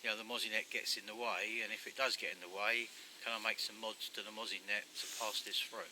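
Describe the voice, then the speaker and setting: A man's voice: on the low side, steady tone, fast talker. Earnest man explaining gear outdoors. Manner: earnest, technical, stammering restarts. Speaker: friend and hammock camper. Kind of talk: casual explaining chat. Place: outdoors in woodland. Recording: outdoor noise behind.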